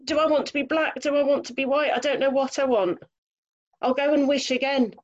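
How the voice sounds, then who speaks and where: Storybook donkey, fretful and dithering, higher pitch, dull audio; a woman reads him. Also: lively intonation, unhurried. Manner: worried, whining. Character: fretful indecisive male donkey, whiny.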